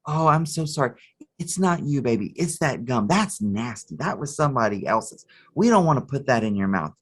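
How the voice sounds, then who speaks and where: A man voicing a young mother who gently comforts and apologizes to her small son. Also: mid-range voice, expressive, moderate pace, husky. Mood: soothing. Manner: soft, soothing, apologetic.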